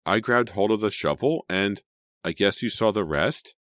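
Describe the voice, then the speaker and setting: A man voicing a frantic, desperate teenage girl in an audiobook, with a high, strained and pleading tone. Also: moderate pace, fairly bright tone, dry recording, studio quality, natural voice.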